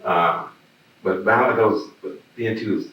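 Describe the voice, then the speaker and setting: A man's voice: lowish voice, slow pace, fairly bright tone. A man with a Southern American accent telling stories in a casual oral history interview, rambling and repeating words. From Birmingham, Alabama. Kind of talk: casual storytelling. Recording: echoey room, distant mic, faint hiss.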